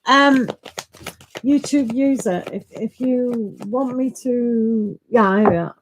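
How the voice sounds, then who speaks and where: A woman's voice: fairly high pitch, slow pace, slight background noise, poor audio. A middle-aged woman hosting a live tarot stream, chatting casually and greeting viewers by name with frequent laughs.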